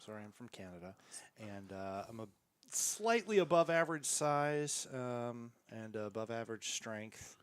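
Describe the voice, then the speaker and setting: A man's voice: medium pitch, lively intonation, unhurried, smooth. A man playing a tabletop game, introducing his character in an easygoing, hesitant way. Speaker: player.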